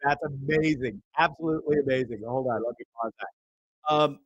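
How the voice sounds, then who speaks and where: A man's voice: medium pitch, moderate pace, dry recording, dull audio. A man hosting a show, casually commenting on videos with frequent swearing, stammered repeats and laughter. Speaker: show host.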